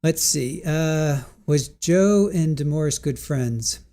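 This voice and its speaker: Halting man chatting through case notes. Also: fairly high pitch, dark tone. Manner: thinking aloud, halting with restarts and fillers; answers live chat questions. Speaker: live trial commentary host. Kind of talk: casual live-stream commentary.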